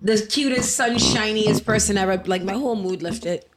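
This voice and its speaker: A woman's voice: medium pitch, moderate pace, a loud crowd. A young woman co-hosting a casual podcast, bubbly and laughing often. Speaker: podcast co-host. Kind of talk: casual chat.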